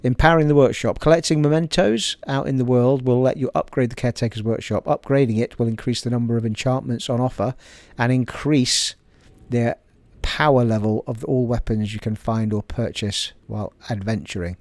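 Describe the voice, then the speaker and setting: A man's voice: medium pitch, fairly even intonation, a little fast, darkish tone, dry recording. A man commenting on his video game play, cheerful and thinking aloud as he reads menus. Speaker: gaming streamer.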